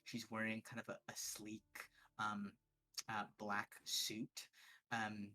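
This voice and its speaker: A man narrating as game master for a tabletop game, pausing often with fillers. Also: on the low side, completely flat delivery, pushed and bright, low-quality recording. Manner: hesitant, many fillers.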